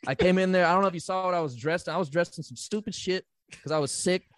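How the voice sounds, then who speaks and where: A man's voice: high-pitched, fast talker, no room sound. A man in casual podcast chat, telling a story with lots of swearing and acting out his own panicked reactions. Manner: profane, excitable, acts out his own reactions.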